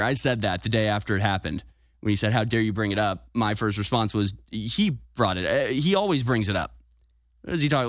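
A man's voice: fairly low pitch, fairly bright tone, dry recording, clean studio sound. A man hosting political talk radio with combative, sarcastic commentary. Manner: combative, sarcastic, self-congratulating. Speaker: talk show host.

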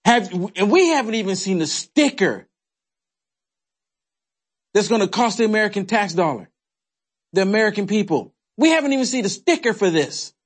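A man's voice: sits high, sing-song, normal speed, long pauses. A man hosting a political commentary show, indignant and sarcastic, firing off rhetorical questions. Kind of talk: opinionated commentary.

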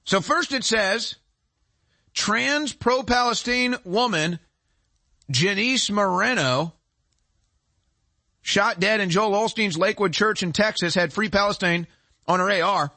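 A man's voice: high-pitched, slow pace, long pauses, bright, forceful tone, no room sound. A man hosting a show, delivering a heated political commentary monologue in an indignant, emphatic way, piling up rhetorical questions. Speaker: show host.

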